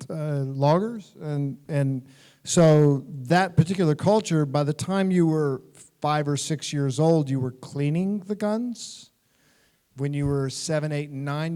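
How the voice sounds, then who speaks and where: A middle-aged American man from the United States, a guest actor telling animated, laughing anecdotes in an on-stage convention talk. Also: mid-range voice, clear, resonant tone.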